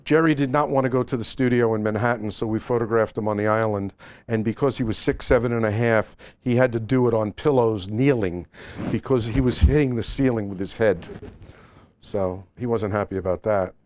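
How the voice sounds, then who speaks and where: A middle-aged or older photographer telling animated, joking stories at a live seminar with slides. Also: male voice, on the low side, a little fast, no echo. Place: seminar event space.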